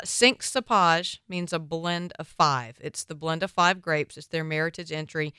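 Bright, chatty woman wine commentator. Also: fairly low pitch, smooth, no echo, studio quality. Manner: opinionated and chatty, with punchy asides. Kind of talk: casual wine commentary segment.

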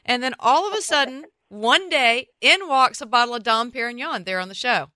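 Bright, gushing Southern woman host. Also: on the high side, expressive, normal speed, hardly any pauses, dry recording. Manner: gushing, enthusiastic. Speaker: talk show host. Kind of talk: radio talk show interview.

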